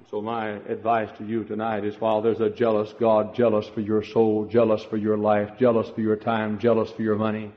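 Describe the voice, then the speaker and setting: A man preaching a sermon in an emphatic, repetitive way, swinging between quiet passages and shouting. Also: fairly low pitch, level tone, moderate pace. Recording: dull lo-fi recording in a reverberant hall.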